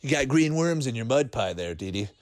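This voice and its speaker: A man's voice: mid-range voice, lively intonation, a little fast, no echo. A man chatting casually while watching a cartoon, laughing often and thinking aloud with fillers. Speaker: cartoon reaction commentator. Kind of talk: casual watch-along commentary.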